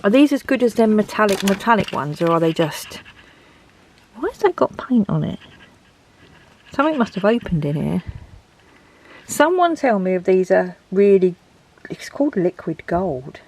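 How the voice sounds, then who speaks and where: A woman's voice: mid-range voice, sing-song, normal speed, pauses often, a little mellow. Chatty woman sorting craft supplies. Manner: rambling, thinks aloud, talks to herself while sorting. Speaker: craft vlogger. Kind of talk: chatty vlog. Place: home craft room, indoors.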